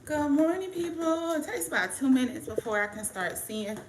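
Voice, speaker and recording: A middle-aged woman with a raspy, scratchy voice, chatting casually on a live stream and greeting viewers by name. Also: high-pitched, animated, normal speed. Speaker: livestream host.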